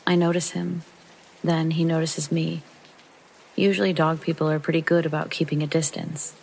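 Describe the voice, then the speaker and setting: Gravelly man reading a horror story. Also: on the high side, level tone, normal speed, darkish tone, rough recording. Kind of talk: reading a first-person true horror story for sleep. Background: rain sounds.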